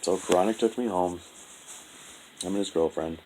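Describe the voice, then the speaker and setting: A young man telling a painful personal story in a halting, profane, heavy-hearted monologue. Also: low voice, mellow, slight background noise, low-quality recording. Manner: halting, profane, full of restarts and fillers. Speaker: vlogger.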